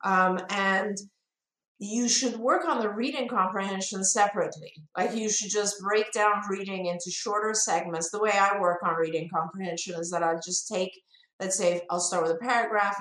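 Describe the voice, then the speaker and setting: Woman co-host, relaxed conversational advice with fillers, roomy echo. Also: mid-range voice, normal speed. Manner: conversational, many fillers and restarts. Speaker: co-host answering parent questions. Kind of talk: live Q&A advice talk.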